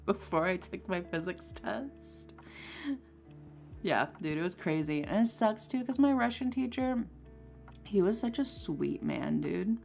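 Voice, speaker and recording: A woman's voice: fairly low pitch, expressive, takes it slowly, vocal fry, long pauses. A young woman streaming as she draws, chatting casually and rambling through her story with lots of "like" and "um". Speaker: streaming artist. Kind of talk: casual chat while drawing. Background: soft lo-fi music.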